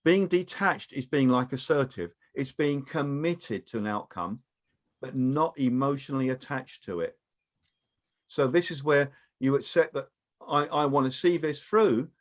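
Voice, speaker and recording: A man with a British accent presenting a training webinar over a video call, giving advice in a calm, measured way. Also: mid-range voice.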